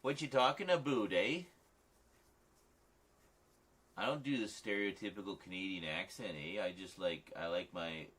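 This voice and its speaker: A man's voice: low voice, drawn-out words, pushed and bright, husky, heavily acted. A man putting on a joking stereotyped Canadian voice, tacking "eh" onto his lines. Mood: teasing. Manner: exaggerated, tacking on "eh".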